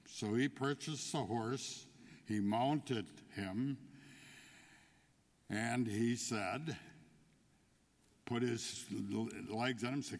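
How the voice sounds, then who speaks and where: A man preaching a homily as a deacon, telling a joke story in an unhurried way before turning to the point of the sermon. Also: lowish voice. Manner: storytelling, unhurried, builds to punchlines. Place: church. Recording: long church reverb.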